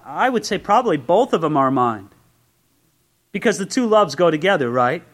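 High-voiced man preaching conversationally. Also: moderate pace. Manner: conversational preaching with rhetorical questions; swings between loud excited asides and low quiet emphasis. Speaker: pastor. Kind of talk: sermon.

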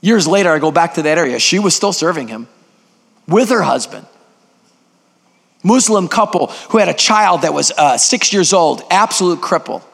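Gravelly preacher man in an echoing hall. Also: fairly high pitch, expressive, moderate pace, a bit bright. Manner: emphatic, asks the congregation questions. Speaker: guest preacher. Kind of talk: sermon. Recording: long hall reverb.

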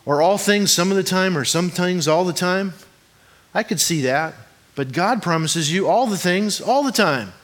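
A man preaching in a somewhat high voice, chatty and playful rather than solemn. He keeps throwing rhetorical questions at the congregation and cracking small jokes as he teaches. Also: animated, moderate pace, a bit bright. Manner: conversational, joking, asks the congregation rhetorical questions. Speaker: pastor. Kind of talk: sermon. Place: church hall before a congregation.

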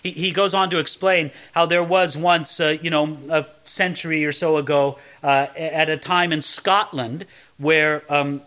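A man giving verse-by-verse Bible teaching with a high, bright voice. He talks conversationally, reading each passage aloud and then explaining it plainly.

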